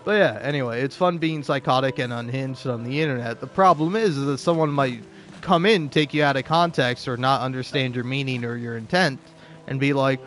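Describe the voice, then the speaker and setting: Brisk and a bit bright, this medium-pitched male voice plays over faint music. A gaming video creator, he rambles in a sarcastic, profane, casual style, frequently restarting and laughing between points.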